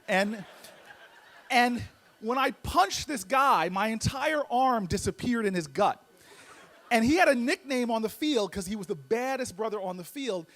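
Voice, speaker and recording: A man giving a humorous storytelling speech as a guest speaker, animated and full of comic timing, often repeating words as he builds up. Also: extremely high pitch, measured pace.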